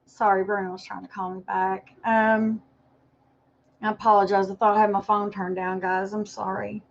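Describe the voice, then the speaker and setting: A woman's voice: mid-range voice, little pitch movement, moderate pace, creaky, slight background noise. A woman chatting on a livestream, rambling and apologetic as she talks to viewers by name. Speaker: livestream host. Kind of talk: casual livestream chat. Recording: dull lo-fi livestream audio.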